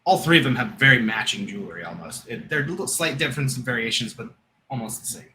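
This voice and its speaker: Bright-voiced man running a tabletop game. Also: medium pitch, fast talker, slight background noise, rough recording. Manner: relaxed, laughing, descriptive narration. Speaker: game master.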